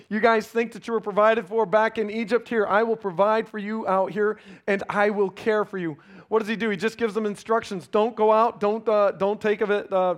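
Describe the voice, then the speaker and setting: A man preaching a sermon, reading scripture and acting out complaining voices, then dropping to quiet emphasis. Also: high-pitched. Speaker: pastor.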